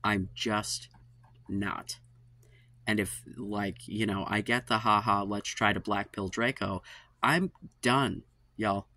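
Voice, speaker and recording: This dating-advice channel host talks slowly in a fairly low, steady voice with a sharp tone. His exasperated, profane rant to camera is full of sighs and trailing thoughts; he sounds fed up and exhausted.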